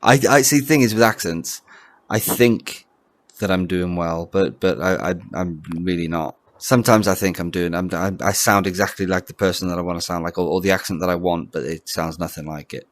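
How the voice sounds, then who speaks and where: A man's voice: low-pitched, fairly quick. A Welsh-born man co-hosting a casual podcast chat, laughing often and restarting his sentences. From Wales. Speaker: podcast co-host.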